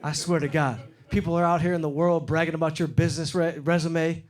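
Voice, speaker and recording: High-voiced middle-aged stand-up comedian. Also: male voice, brisk. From Detroit. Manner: loud animated bits when acting out others. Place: comedy stage before a live audience. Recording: live show with loud crowd laughter. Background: crowd laughing.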